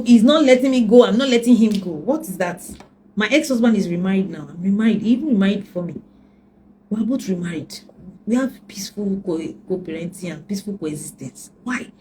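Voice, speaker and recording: A woman's voice: medium pitch, mellow, a little hiss or hum, rough recording. A middle-aged woman relationship coach giving earnest personal advice, repeating points with preacherly emphasis.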